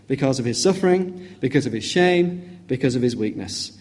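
A man's voice: on the high side, darkish tone. A man preaching an expository sermon, reading scripture aloud with emphatic rising questions.

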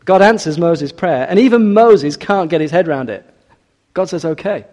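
A man preaching a sermon, expressive, rising for emphasis and dropping quiet for scripture. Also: on the high side, normal speed, long reverb tail.

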